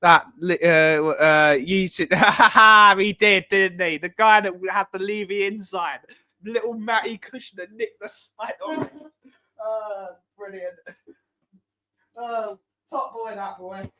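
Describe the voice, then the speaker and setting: A man's voice: sits high, steady tone, slow, pushed and bright. A man from England hosting a casual livestream, greeting chat viewers in a rambling, repetitive way. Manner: chatty, rambling, repeats phrases. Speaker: livestream host. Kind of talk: casual live chat reading viewer comments. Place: home.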